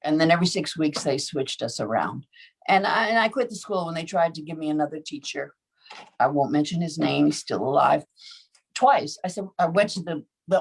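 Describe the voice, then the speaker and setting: A woman's voice: deep voice, normal speed, vocal fry, breathy edge. A woman in her seventies, an actress recounting her early career in an interview, telling stories with frequent chuckles and acted-out voices. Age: 70s. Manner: lively storyteller, chuckles often, acts out quoted voices. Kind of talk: anecdotal storytelling in an interview.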